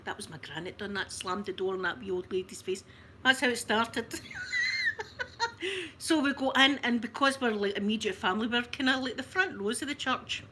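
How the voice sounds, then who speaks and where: A Scottish woman hosts a casual livestream, telling a family story in a chatty, animated way with plenty of restarts and laughter. Her voice is bright and sits a little high. A faint background hiss runs under her. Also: moderate pace. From Scotland. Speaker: ASMR livestream host.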